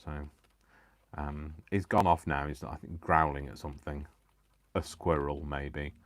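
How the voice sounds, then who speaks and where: A man's voice: extremely low pitch, fairly even intonation, a little slow, dry recording. A man hosting a crafting livestream, chatting in a rambling, giggly, self-deprecating way. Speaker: craft channel host. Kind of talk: casual livestream chat while crafting.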